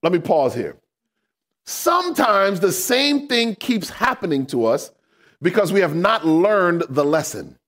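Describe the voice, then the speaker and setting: Animated high-voiced male preacher. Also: unhurried. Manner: animated preaching with call-and-response questions; rises to shouts for emphasis. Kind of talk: sermon.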